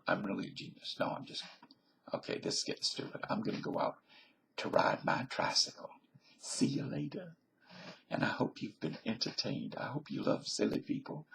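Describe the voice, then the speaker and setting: A little hiss or hum sits under this lowish, slightly bright voice. The speaker is a vlogger from Virginia, very gravelly and husky, often slipping into a breathy near-whisper while rambling comically to camera and taking back his claims as jokes.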